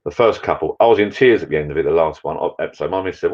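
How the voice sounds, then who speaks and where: Low-voiced chatty bloke, lo-fi. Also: male voice, very fast. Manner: chatty, rambling, matey. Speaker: vlogger hosting a live chat. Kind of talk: rambling casual live-stream chat. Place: garden bar shed.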